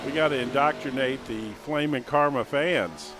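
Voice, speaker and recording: A man's voice: mid-range voice, moderate pace, over music. A middle-aged man doing color commentary for a sim race, easygoing and rambling with many fillers.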